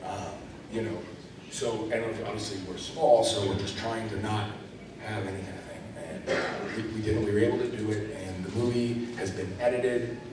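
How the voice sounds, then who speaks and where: Captured from far off in an echoey convention hall with crowd noise, a male actor speaks on a panel in a lowish voice at a moderate pace. He chats casually, telling stories in a rambling way packed with fillers.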